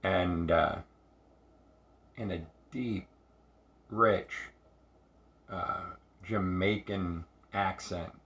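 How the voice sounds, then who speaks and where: A man telling a personal story in a halting, reflective way, repeating words and restarting often. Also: low-pitched, steady tone, fairly bright tone, dull audio. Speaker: speaker sharing recovery story.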